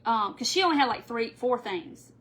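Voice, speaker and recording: A woman's voice: fairly high pitch, moderate pace. A middle-aged woman, rambling through a story to viewers while working on a live craft tutorial. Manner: rambling, animated, addresses viewers as y'all.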